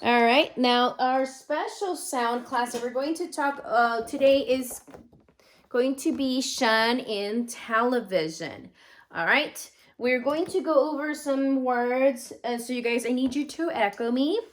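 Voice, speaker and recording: A woman teaching a first grade phonics lesson, drilling each sound slowly three times and encouraging the children. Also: high voice, slight background noise. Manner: encouraging classroom talk.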